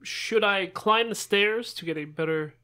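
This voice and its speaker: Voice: medium pitch, unhurried, bright, forceful tone. This player talks casually at a tabletop game. They work through their turns by asking questions and thinking aloud. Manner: thoughtful, asks questions.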